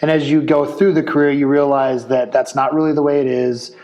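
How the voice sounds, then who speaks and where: A retired police officer speaking in a casual interview, blunt and animated, full of "like" and "man". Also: a little high, brisk, lo-fi sound.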